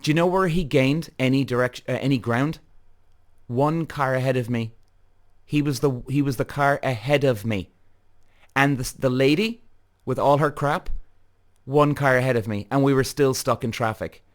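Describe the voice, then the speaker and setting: Irish male podcast host, mid-pitch voice, heated storytelling rant, swears a lot. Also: normal speed. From Ireland. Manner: heated, swears freely, addresses viewers directly.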